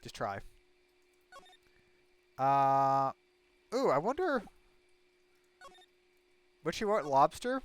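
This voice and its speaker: A man's voice: medium pitch, sing-song, very slow, long pauses, clear, resonant tone. A man playing a story game and chatting casually, thinking aloud as he goes. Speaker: gameplay narrator. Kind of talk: casual let's-play commentary.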